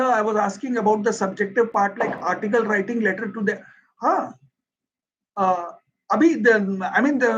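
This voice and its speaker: A man's voice: sits high, lo-fi sound. A man with an Indian accent, a Hindi speaker, answering viewers' questions in an earnest, emphatic livestream English lesson. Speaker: English teacher.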